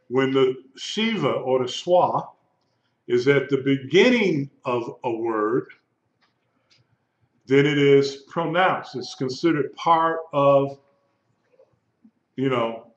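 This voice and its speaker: A man teaching a live Hebrew lesson, speaking slowly and patiently and repeating words for his students. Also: mid-range voice. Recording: lo-fi echoey room recording.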